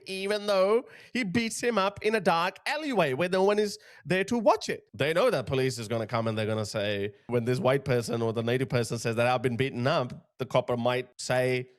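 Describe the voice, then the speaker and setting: Emphatic man with a lively voice. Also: fairly high pitch. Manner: emphatic, indignant. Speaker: political commentator. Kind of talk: opinion commentary.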